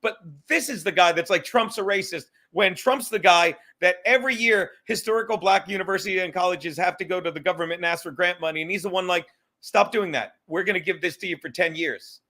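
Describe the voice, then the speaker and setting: High, bright-voiced ranting male host. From New York. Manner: profane, joking, quick rants. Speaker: podcast host. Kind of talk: casual comedic chat.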